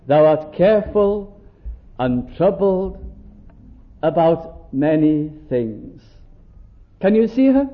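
Preacher, male, high voice, gentle earnest sermon delivery with scripture reading; dull lo-fi recording.

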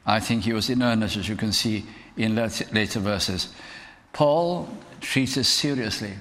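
A man's voice: lowish voice, unhurried, fairly bright tone. A man preaching a sermon in an earnest way that rises to emphatic declamation. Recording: long hall reverb.

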